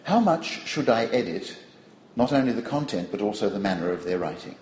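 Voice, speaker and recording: A man's voice: fairly low pitch, a little fast, echoey room, rough recording. An older man giving a public lecture, wry and digressive, telling stories to an audience. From Australia. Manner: wry, digressive, animated storytelling.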